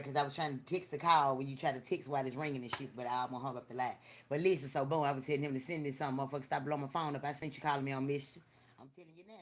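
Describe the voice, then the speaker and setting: A woman hosting a livestream, telling profane, animated stories in casual chat with lots of repetition. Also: very deep voice, slight background noise. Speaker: livestream host. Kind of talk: casual storytelling to a live audience.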